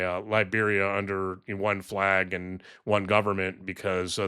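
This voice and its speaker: A man's voice: on the low side, fairly bright tone, smooth. A man ranting through political commentary on his vlog, mocking and exasperated, swearing and stumbling over frequent ums and restarts.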